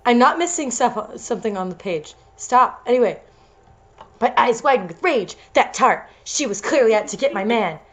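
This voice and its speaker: A woman's voice: on the high side, expressive, normal speed, a little hiss or hum. A young woman reading amateur fiction aloud for laughs, stumbling over words and breaking into giggles. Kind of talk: comedic read-aloud of fan-style fiction.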